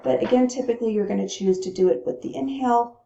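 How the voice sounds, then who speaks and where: A woman teaching breathing techniques in a calm, instructional way, pausing to demonstrate the breaths. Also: on the high side, gravelly. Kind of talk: gentle instructional talk. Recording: roomy, dull lo-fi sound.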